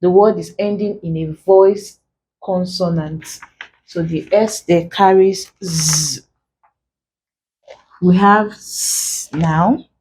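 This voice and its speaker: A woman gives an exam-prep pronunciation lesson, taking her time and saying each example word more than once. Her voice sits fairly low, and her pace is unhurried. A faint hiss of noise runs under the recording. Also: fairly even intonation, a little mellow, poor audio. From Nigeria. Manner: slow, deliberate, repeats example words. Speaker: English tutor.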